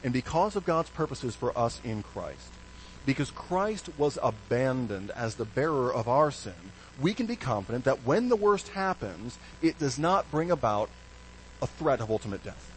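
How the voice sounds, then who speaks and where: A man preaching a sermon as pastor, animated, with hushed low stresses and sudden bright emphasis. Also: normal speed, slight background noise, low-quality recording.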